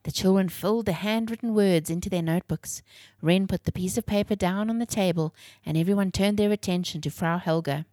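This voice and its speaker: A woman reading a children's story aloud in a clear, expressive way. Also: mid-range voice, fairly quick, no room sound, clean studio sound.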